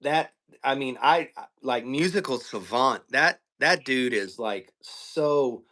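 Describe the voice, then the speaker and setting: A man from the American South with a Southern accent, co-hosting a casual livestream and telling profane, animated stories. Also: medium pitch, slow. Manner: storytelling, profane, with quoted impressions of his partner.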